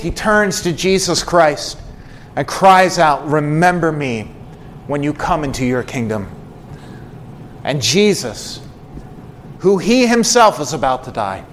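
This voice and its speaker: A man's voice: fairly high pitch, slight background noise. A male pastor preaching an earnest sermon, building emphasis through repeated phrases and rhetorical questions.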